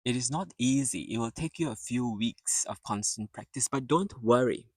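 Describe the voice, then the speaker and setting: A man's voice: mid-range voice, moderate pace, breathy edge, no echo. A man teaching English pronunciation outdoors among trees, patiently repeating words to demonstrate sounds. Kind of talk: pronunciation lesson.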